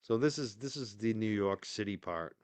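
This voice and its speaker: A man's voice: lowish voice, lively intonation, moderate pace, dry recording. A man hosting a live stream, giving rambling, opinionated commentary with frequent restarts and fillers. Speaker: show host.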